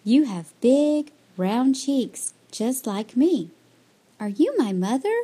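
Lonely little boy bird, voiced by a woman, plaintive, high, slow, lively pitch. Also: exaggerated voice. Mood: hopeful. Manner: plaintive, pleading.

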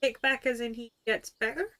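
A woman's voice: on the high side, normal speed, sharp tone. Giggly, foul-mouthed young woman streamer. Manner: giggly, swears freely, chatters to herself while playing. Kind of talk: casual live game stream.

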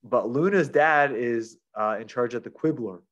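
A man talking casually as a reviewer, rambling through a story with many "um"s and "like"s. His voice sits at a middling pitch. The recording is a bit dull and lo-fi. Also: moderate pace. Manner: rambling, filler-heavy retelling. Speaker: podcast reviewer. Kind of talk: casual chat.

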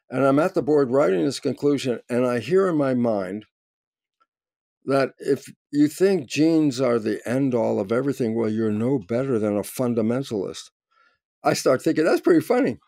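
An older man, a scientist, telling a story in conversation with lively energy, acting out quoted voices and rising to near shouts. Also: medium pitch, no echo. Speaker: guest scientist.

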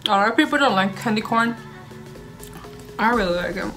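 A woman's voice: medium pitch, expressive, brisk. A young woman vlogging casually, gushing and chatty as she tastes food at home, slipping Spanish words into her talk. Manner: bubbly, gushing, mixes in Spanish words while eating. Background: background music.

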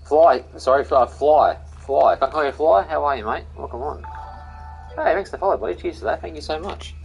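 A man's voice: fairly high pitch, brisk, gravelly, breathy edge, muffled recording, soft background music. A young Australian man chatting casually with viewers on a live game stream, greeting them by name and calling them mate and buddy.

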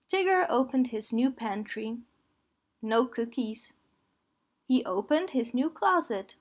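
A woman reading a children's story aloud in a gentle, clear read-aloud manner. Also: on the high side, lively intonation, a little slow.

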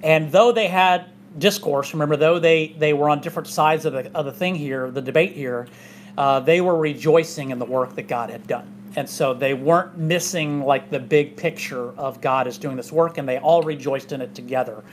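Pastor guy preaching loose and chatty, voice a little high, faint hum behind. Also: normal speed. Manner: conversational, chatty, with frequent fillers and asides. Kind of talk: casual expository sermon. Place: church sanctuary.

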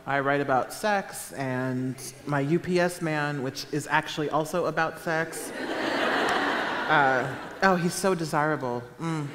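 A woman author reading her own fiction aloud at a public event, with a measured, deadpan delivery. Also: low voice, heavy background noise. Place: town hall auditorium with a live audience. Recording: echoey live hall sound.

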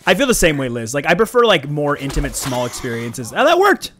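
A young man chatting casually on a game livestream, animated and rambling, with laughing asides to his chat. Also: fairly high pitch, fairly quick, slight background noise. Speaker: streamer.

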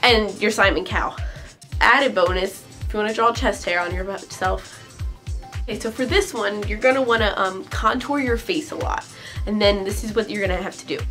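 A young woman talks through her vlog in a loose, giggly way, dropping "like" and "um" everywhere. Her voice sits in a middle pitch, with faint music underneath. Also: moderate pace, a bit bright. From United States. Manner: chatty, giggly, full of "like" and "um". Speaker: vlogger. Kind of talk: casual vlog chat.

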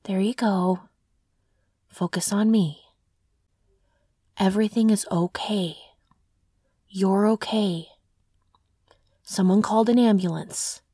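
A young woman voicing a caring girlfriend in an audio role-play, talking softly and reassuringly to her partner. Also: mid-range voice, a little slow, pauses often, slightly rough, no room sound, studio quality. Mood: soothing. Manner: soft, reassuring, tender.

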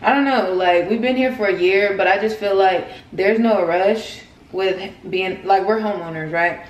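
A woman's voice: mid-range voice, moderate pace, far from the mic. A young adult woman vlogging at home, rambling in casual, slangy chat straight to her viewers. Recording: roomy echo in a home room.

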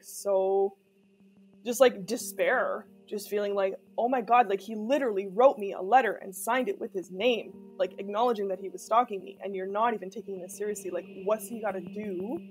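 A woman from Canada, talking candidly in a documentary interview in a chatty way, full of fillers. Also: medium pitch. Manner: candid, chatty, many fillers like "like" and "you know". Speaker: interviewee telling of being stalked.

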